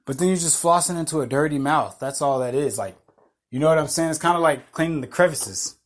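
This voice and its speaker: A man's voice: a little high, brisk. A man hosting a podcast, rambling through casual stories, swearing freely and laughing at himself. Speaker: podcast host. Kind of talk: casual storytelling monologue.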